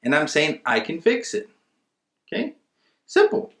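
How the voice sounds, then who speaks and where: A real estate investing instructor runs a casual webinar, his voice on the high side with huge pitch swings and a fairly bright tone. He speaks unhurriedly and emphatically, conversational as he acts out seller dialogue from his calls. The room is echoey.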